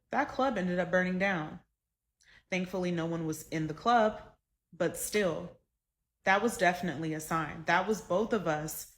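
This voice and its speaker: A woman casually telling a personal story, conversational and animated, with plenty of fillers. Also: on the low side.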